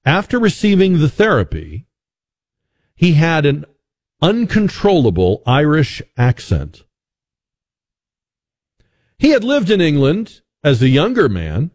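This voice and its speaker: A man's voice: a little high, no echo. A man hosting a call-in radio talk show, musing conversationally with frequent restarts and fillers.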